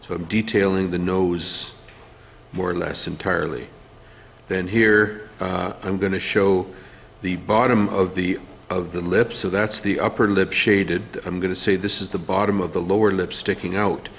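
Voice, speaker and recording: A man's voice: sits low, fairly even intonation, moderate pace, vocal fry, fairly bright tone, a little hiss or hum. A man teaching art, talking through a face drawing one step at a time while he draws, with some fillers. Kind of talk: drawing tutorial demonstration.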